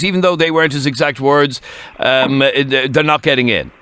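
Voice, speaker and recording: A man's voice: medium pitch, brisk, a bit bright, clear, resonant tone, dry recording. Irish man, radio host, studio mic, dry sound, conversational, probing. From Ireland. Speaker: radio talk show host. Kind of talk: radio phone-in presenting. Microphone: studio microphone.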